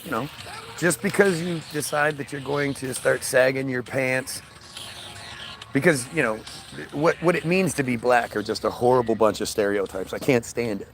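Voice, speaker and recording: A man's voice: medium pitch, normal speed, fairly bright tone. A man ranting in a casual monologue, swearing often, with frequent stammers and restarts. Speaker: podcast host.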